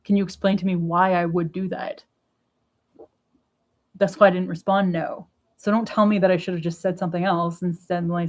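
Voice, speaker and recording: A woman's voice: lowish voice, darkish tone. A woman recording a casual diary vlog at home, talking bluntly and with swearing as she retells a chat and vents about it. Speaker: vlogger. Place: at home indoors.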